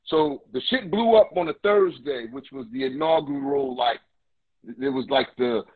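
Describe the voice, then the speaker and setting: A man talks through phone earbuds on a video call, his voice fairly high and a little husky. The sound is dull and lo-fi. He tells his story in an animated way, swearing often and repeating phrases as he builds it up. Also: moderate pace. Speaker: interview guest. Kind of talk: casual storytelling on a livestream.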